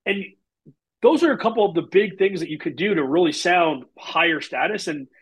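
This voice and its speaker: A man's voice: sits high, expressive, normal speed, husky. A man who coaches sales teams, a podcast guest who talks energetically and acts out examples. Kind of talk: casual podcast interview.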